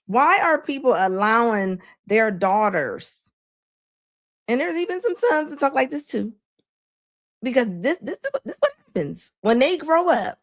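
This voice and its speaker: With a fairly high-pitched voice, a live-stream host gives casual reaction commentary to her viewers, full of laughs and preachy asides.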